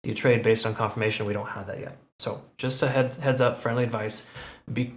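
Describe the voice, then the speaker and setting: A man's voice: lowish voice, fairly even intonation, a little fast. A man walking through crypto price charts in a conversational way, often checking in with "okay" and "right?". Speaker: crypto market analyst. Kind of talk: chart analysis commentary. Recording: roomy echo.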